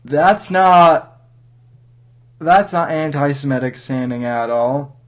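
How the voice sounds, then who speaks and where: A male livestream host who talks slowly and a little high, in casual commentary. He rambles wryly and often stops to restart his sentences. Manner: rambling, wry, halting with many restarts.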